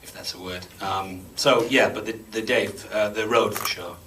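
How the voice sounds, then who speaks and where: A very deep-voiced man in his thirties answers audience questions after a screening, chatty and self-deprecating. His tone is bright and forceful. He is caught on a distant mic in a cinema, with a faint hum underneath. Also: steady tone, moderate pace. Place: cinema auditorium before an audience.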